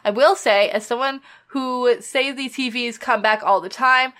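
A woman's voice: fairly high pitch, a little slow, fairly bright tone. A woman co-hosting a podcast, telling a story in casual chat with blunt, joking humor. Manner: reads listener mail and tells stories with frank humor. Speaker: podcast co-host.

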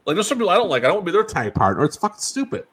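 A man co-hosting a casual chat show, blunt and profane, who swings between mumbled asides and loud outbursts. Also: high-pitched, wildly swooping pitch, racing, slightly rough. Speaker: podcast co-host.

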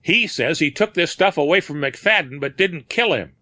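Brash young patrolman, a man reading, slangy and sneering, high and bright. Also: lively intonation, a little slow, dry recording. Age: young adult.

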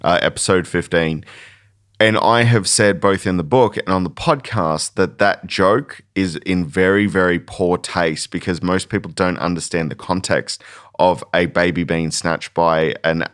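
Aussie guy hosting a podcast, lowish voice, explains stuff kinda didactic. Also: steady tone, measured pace, a bit bright. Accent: Australian. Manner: informative, earnest, slightly lecturing. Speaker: podcast host. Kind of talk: casual podcast chat.

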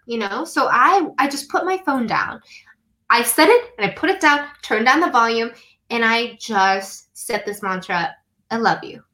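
A woman from the United States shares a personal story in a bright, fairly high voice. She speaks earnestly and from the heart, often saying "um" and "like", and slows down to stress key lines. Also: low-quality recording. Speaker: guest.

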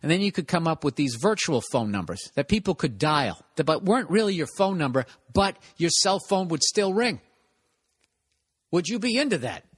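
Male podcast host and comic, somewhat high voice, loose profane ad read, rambling and self-mocking. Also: fairly bright tone. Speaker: podcast host and stand-up comedian. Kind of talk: casual ad read.

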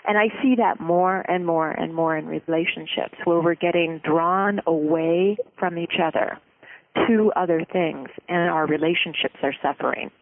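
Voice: mid-range voice, moderate pace, no room sound, phone-quality sound. Earnest advice-giver on a phone-thin line. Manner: earnest, explanatory, steady. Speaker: relationship expert guest. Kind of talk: advice in an interview.

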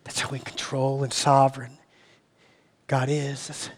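A man preaching to his church in a casual, slangy way, swinging between loud and hushed. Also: mid-range voice, monotone, a little slow. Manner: slangy, calls listeners "man" and "family". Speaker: pastor. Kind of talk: sermon. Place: church meeting room.

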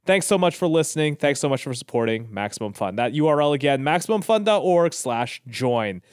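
A man's voice: on the high side, lively intonation, a little fast, clear, resonant tone, dry recording, clean studio sound. A man co-hosting a comedy podcast, reading the outro and a plug in a jokey, emphatic way. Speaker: podcast co-host.

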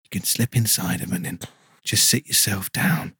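A man plays a drowsy bedtime storyteller who murmurs every word in a deep, breathy hush. His voice is very low and husky, soothing enough to lull anyone off, in a dry, close-miked comedy sketch. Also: normal speed, no room sound, exaggerated voice. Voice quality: very breathy, hushed. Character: soft-spoken sleepy bedtime-story actor, calm.

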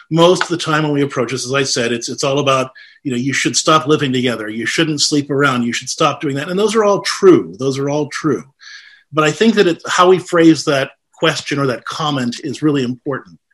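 A man's voice: mid-range voice, fairly quick, fairly bright tone. A man giving a conversational talk on faith and ministry, earnest, with frequent restarts. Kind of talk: informal lecture with Q&A.

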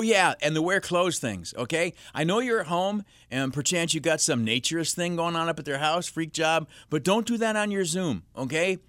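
A man's voice: on the high side, a bit bright, no echo, studio quality. A man hosting a call-in radio show, rambling and sarcastic as he riffs alone between calls. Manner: rambling, sarcastic, jumps to mock voices. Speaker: radio talk show host. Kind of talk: solo talk radio monologue. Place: radio studio.

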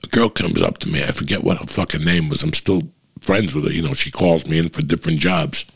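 A comedian from New tells a story on his podcast, swearing constantly. His voice sits very low and comes out rough and raspy, with a gravelly fry at the ends of his phrases. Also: fairly even intonation, a little fast. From New Jersey. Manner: blunt and heavily profane, restless and swearing as he tells it.

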